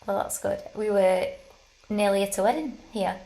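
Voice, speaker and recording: A woman co-hosting a podcast, chatty and quick to giggle in a casual travel chat. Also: medium pitch, fairly even intonation, creaky, mellow. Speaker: podcast co-host.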